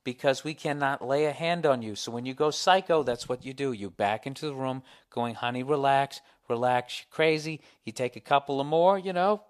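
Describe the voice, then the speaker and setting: Man, comedian, podcast host, mid-pitched voice, casual comic monologue, profane, rambling, sardonic. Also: expressive, brisk, hardly any pauses.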